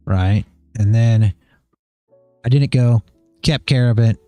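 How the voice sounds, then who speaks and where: A man's voice: medium pitch, unhurried, dark tone, no echo, faint music behind. A man hosting a live stream, chatting casually and rambling through a personal story with many restarts. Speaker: livestream host.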